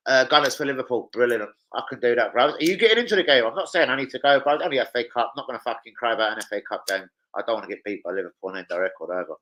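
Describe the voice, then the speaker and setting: Very fast and with hardly any pauses, a young London-accented man hosts a casual home livestream, reading comments and bantering in a laddish, freely profane way. His mid-range voice has a fairly bright tone, and the recording is low-quality.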